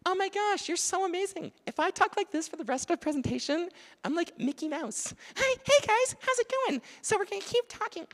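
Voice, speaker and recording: A man putting on a very high, squeaky falsetto cartoon-mouse voice that gushes with chirpy excitement, recorded in a reverberant hall. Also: a little fast, exaggerated voice. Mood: gushing.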